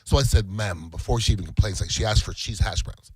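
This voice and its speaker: A man's voice: on the low side, quick pace, darkish tone, breathy edge, no room sound, rough recording. A man co-hosting a casual radio aftershow, blunt and wry with emphatic declarations. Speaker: radio show co-host.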